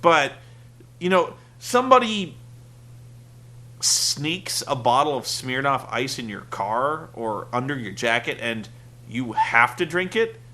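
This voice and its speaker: A man's voice: mid-range voice, big pitch swings, slow, bright, forceful tone. A young man hosting a casual wrestling review podcast, sarcastic and rambling, acting out the quotes he recounts.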